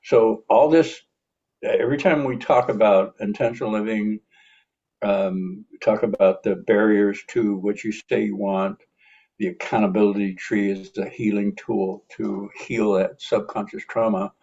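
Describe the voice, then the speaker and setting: Gravelly, husky middle-aged man. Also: on the low side, steady tone, unhurried, dark tone, highs cut off. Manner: earnest, self-reflective, with frequent restarts and sighs. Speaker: recovery and personal growth speaker. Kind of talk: reflective monologue.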